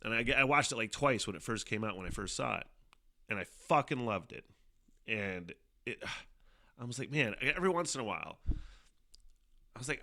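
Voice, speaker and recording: A man's voice: lowish voice, pushed and bright, no room sound, studio quality. A middle-aged man from hosting his own podcast, rambling casually and swearing a lot, with plenty of fillers. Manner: rambling and profane, with frequent fillers and laughs. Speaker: podcast host. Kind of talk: casual solo podcast monologue.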